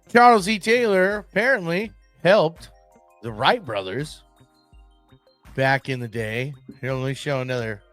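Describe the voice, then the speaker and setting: A male podcast host riffs through aviation history in a rambling, excitable way, peppered with profane maintainer jokes. His voice sits a little high and swings widely in pitch. The sound is dry and close, with faint music in the background. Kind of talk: casual solo podcast commentary.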